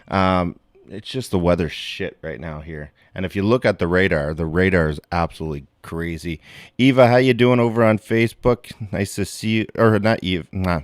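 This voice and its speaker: Man, low-pitched, clear, dry, casual livestream host greeting chat. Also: dry recording. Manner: rambling, greets chatters by name.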